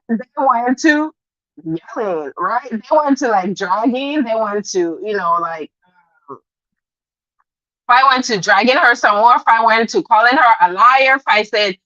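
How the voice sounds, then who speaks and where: A woman's voice: sits high, pushed and bright, dry recording, highs cut off. A woman hosting a live stream, chatting casually, greeting viewers by name and laughing often. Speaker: livestream gossip host.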